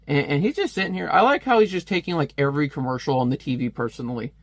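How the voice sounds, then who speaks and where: A man giving a casual, animated comic book review, ranting and laughing as he goes. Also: fairly high pitch, quick pace, creaky, few pauses, no echo, studio quality.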